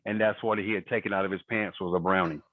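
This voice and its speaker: A man's voice: low-pitched, fairly even intonation, fast, no echo. A man guesting on a podcast, telling profane, laughing anecdotes on a remote call. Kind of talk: casual storytelling. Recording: tinny phone-line sound.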